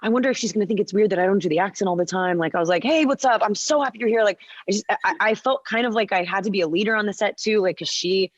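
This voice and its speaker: A woman actor talking casually about her work, rambling quickly with lots of fillers and restarts. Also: medium pitch, no echo, highs cut off. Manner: fast rambling speech with many fillers and restarts. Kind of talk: casual conversation.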